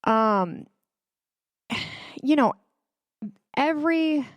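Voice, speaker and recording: Woman, host, casual religious commentary, unhurried, mid pitch, dry close sound, chatty, emphatic. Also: animated, no echo. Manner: chatty, emphatic, many fillers; addresses viewers directly.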